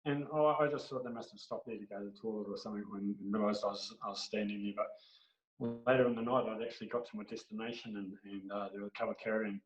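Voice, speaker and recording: A man with an Australian accent, a podcast guest telling rambling, animated anecdotes in casual storytelling. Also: fairly low pitch, fast talker. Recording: dull, echoey room recording.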